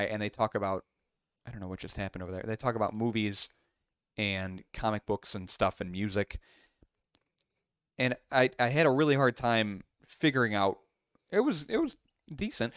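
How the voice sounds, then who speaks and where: A man with a fairly low voice co-hosts a casual podcast into a close mic, with no room sound around him. He talks in a loose, rambling way, trailing into fillers and restarting his sentences. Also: a bit bright, smooth, no echo. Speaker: podcast co-host.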